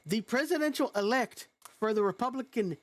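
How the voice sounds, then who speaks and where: A woman's voice: fairly high pitch, lively intonation, a little fast. A woman vlogger with a youthful-sounding voice, ranting in a frustrated, blunt and profane way. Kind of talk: angry reaction rant.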